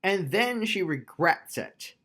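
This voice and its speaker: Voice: medium pitch, lively intonation, slow, bright, forceful tone, breathy edge. A tabletop game reviewer giving a casual video review, chatty and explanatory with frequent fillers.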